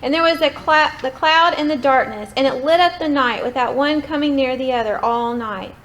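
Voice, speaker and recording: A woman reads passages of scripture aloud at a steady, measured pace. Her voice is high and clear. A faint hum sits behind her. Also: poor audio. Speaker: scripture reader.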